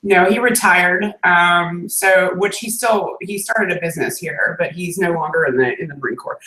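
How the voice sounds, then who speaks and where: A woman's voice: on the low side, normal speed, pushed and bright, roomy sound, poor audio. A woman with an American accent chats in a friendly way, laughing often, as co-host of a live video call. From United States. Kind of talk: casual chat on a live stream. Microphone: webcam on a video call.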